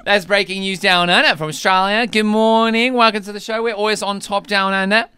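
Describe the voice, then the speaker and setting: A man's voice: high voice, steady tone, fairly quick, bright, forceful tone, clean tone, no room sound, studio quality. A man hosting a comedic breakfast radio show, teasing his co-hosts and laughing often.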